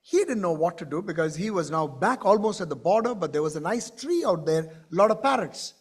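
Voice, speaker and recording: A man telling a story to a conference audience in an animated way, with questions to the crowd. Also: high-pitched, brisk, husky. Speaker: keynote speaker. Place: conference stage.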